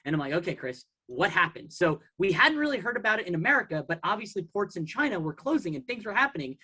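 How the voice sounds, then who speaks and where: A man's voice: sits high, sing-song, quick pace, sharp tone, slightly rough. A man telling his story casually as an interview guest. He rambles, restarts his sentences and acts out his own past thoughts. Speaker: guest investor.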